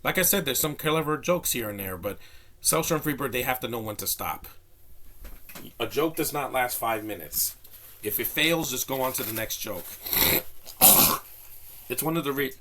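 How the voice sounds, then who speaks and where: Casual male vlogger, Hispanic background, phone-recorded film review; bright, pushy tone, meandering with frequent self-corrections. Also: medium pitch. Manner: rambling, many restarts and fillers. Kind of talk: casual spoken movie review.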